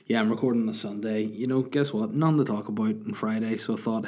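Man, husky, lowish voice, rambling casual podcast host. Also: steady tone, quick pace, hardly any pauses, darkish tone. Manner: rambling, self-deprecating, chatty. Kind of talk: casual solo podcast chat.

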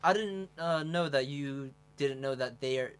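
A speaker in casual chat, bantering with slang and quick questions. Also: mid-range voice, clean tone.

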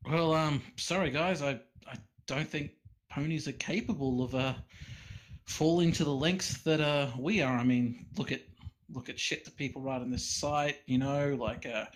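A man, a podcast guest chatting casually and haltingly, with many fillers and restarts. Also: fairly high pitch, fairly even intonation, low-quality recording. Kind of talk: casual chat.

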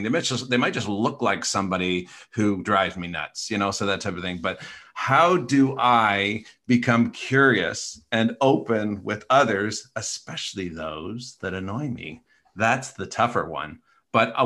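Low, bright-voiced male podcast co-host. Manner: earnest, coaching tone with frequent fillers and restarts. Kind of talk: casual conversational podcast talk.

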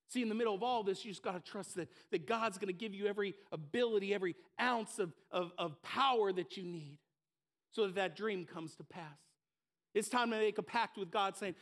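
A man with a strikingly high voice preaches from a church stage to a live congregation. He is impassioned, pressing points hard and then dropping to near-hushed asides. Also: a little fast. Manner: impassioned, swinging between loud emphasis and hushed asides. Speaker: pastor. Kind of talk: sermon.

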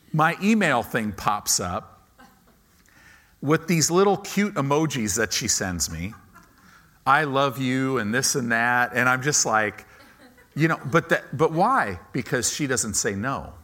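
Man preaching, lively sermon, bright forceful voice, emphatic contrasts, sudden loud peaks. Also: on the high side. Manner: animated storytelling with sudden loud peaks and quiet asides. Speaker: pastor.

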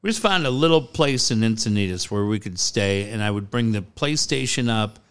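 A man's voice: on the low side, animated, normal speed, clean tone. A middle-aged man with a rambling, easygoing way of talking, chatting as a guest. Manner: rambling, laughs easily. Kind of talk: casual chat.

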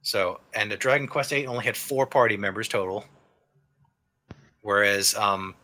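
Bright voiced guy rambling about a game on a podcast, keeps restarting sentences. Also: fairly low pitch, normal speed. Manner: rambling, lots of restarts, explains things. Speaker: podcast co-host reviewing a game. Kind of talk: casual chat.

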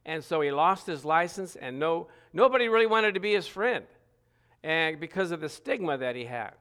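A middle-aged man preaching a sermon, earnest, stressing scripture with repeated phrases and some halting restarts. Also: on the high side, expressive, a bit bright, smooth. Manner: earnest, reads scripture aloud with emphatic repetition.

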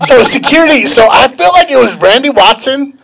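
A man telling a story in a casual, profane, animated way, as a podcast co-host. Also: very high voice, a little fast, creaky, slight background noise.

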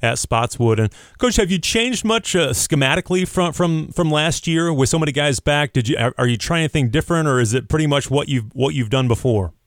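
A man's voice: fairly high pitch, animated, fairly quick, few pauses, no echo, studio quality. A man hosting a radio sports interview, asking questions in a friendly, upbeat way with some fillers.

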